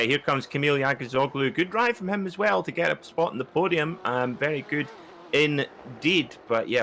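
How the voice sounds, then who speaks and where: Relaxed male co-commentator, chatty. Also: mid-range voice, a little hiss or hum. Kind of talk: live sim racing commentary.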